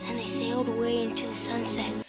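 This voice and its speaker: Excited kid, eager storyteller, high voice, film clip, loud music. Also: male voice, brisk. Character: excited young boy telling a pirate legend.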